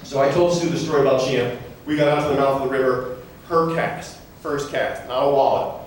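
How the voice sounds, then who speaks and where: A man's voice: mid-range voice, steady tone, a little fast, a little hiss or hum. A middle-aged man giving a humorous memorial eulogy, telling chatty stories and laughing through them in a large hall. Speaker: eulogy speaker. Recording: echoey hall, voice from far off.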